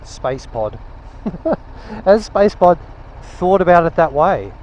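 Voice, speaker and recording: A high-voiced motovlogger rides a motorbike through city traffic, ranting casually while speaking slowly yet very animatedly in a slightly mellow tone. He rambles wryly, interrupts himself, and acts out imagined conversations, all on a muffled recording with wind and traffic noise.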